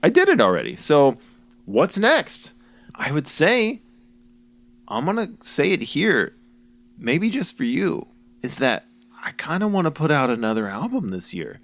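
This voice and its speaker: A man's voice: on the high side, huge pitch swings, measured pace, long pauses, fairly bright tone. A young man musician rambling goofily through his own album commentary, joking at himself with lots of fillers. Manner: goofy, self-mocking, many fillers.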